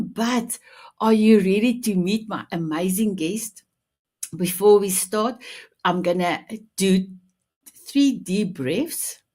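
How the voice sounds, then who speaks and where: A woman in her fifties with a non-native English accent, hosting a talk show with effusive, direct warmth toward her audience. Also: medium pitch. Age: 50s. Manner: effusive, addresses audience directly, leads breathing exercise. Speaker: show host. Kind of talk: enthusiastic talk show opening.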